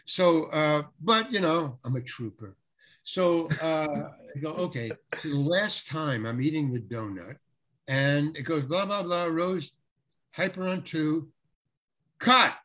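Speaking at a measured pace in a voice on the high side, a middle-aged guest spins a lengthy, casual story. He laughs a lot and performs the quotes of the people involved.

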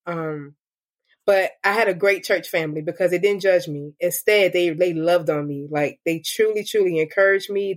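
A young woman giving a candid personal testimony in an interview, reflective and full of "like" and "um". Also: on the low side. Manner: candid and reflective, with many "like" and "um" fillers. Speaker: interview guest. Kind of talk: personal testimony, casual storytelling.

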